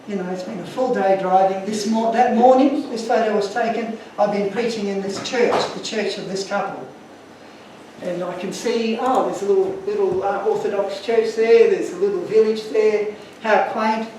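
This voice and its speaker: A man's voice: high voice, darkish tone, very echoey, far from the mic, slight background noise, rough recording. A man giving an earnest, emotional talk to an audience, telling stories from his slides. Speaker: guest speaker.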